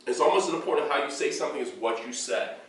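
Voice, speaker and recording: A man's voice: mid-range voice, very fast. A man giving a hands-on dog training lesson indoors, explaining in loose spoken bursts with demonstrations mixed in. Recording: echoey room, picked up from a distance, faint background noise.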